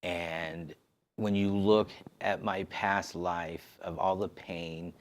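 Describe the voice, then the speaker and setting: Man, low voice, personal testimony, emotional, halting, restarts. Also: fairly even intonation. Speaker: podcast host sharing his story. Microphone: on camera.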